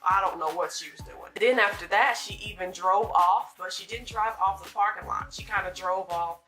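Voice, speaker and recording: Woman, storytime vlogger, dramatic retelling, middle voice over soft music. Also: mid-range voice, normal speed. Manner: animated, dramatic retelling with acted-out quotes. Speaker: retail store worker. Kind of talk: storytime vlog.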